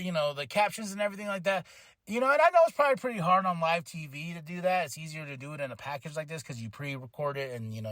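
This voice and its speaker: An excitable man riffs on his own podcast, voice sitting high for a man. He rambles, trips over his words and restarts, then breaks into laughter or a shouted exclamation. The sound is dry and close, with no room around it. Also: no room sound. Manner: excitable, rambling, quick restarts and self-corrections. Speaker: wrestling podcast host. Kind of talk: casual solo podcast chat.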